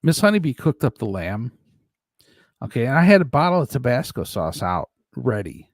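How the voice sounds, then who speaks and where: Man, live stream host, casual rambling chat, animated pitch, dry room. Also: moderate pace, no room sound. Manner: rambling, chuckling, talks to chat by name.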